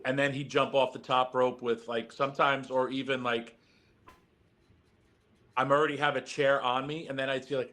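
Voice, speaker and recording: A man's voice: mid-range voice, flat delivery, moderate pace, pushed and bright. A man guesting on a podcast, telling stories animatedly, acting out quoted lines and swearing freely. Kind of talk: casual storytelling.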